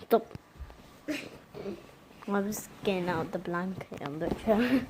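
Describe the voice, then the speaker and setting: A woman's voice: medium pitch, slow pace, background noise. A woman casually walking through a house on a phone camera, chatting and joking as she shows each room. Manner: chatty, jokey, giggly. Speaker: vlogger giving a home tour. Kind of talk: casual tour walkthrough. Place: inside a house, moving from room to room.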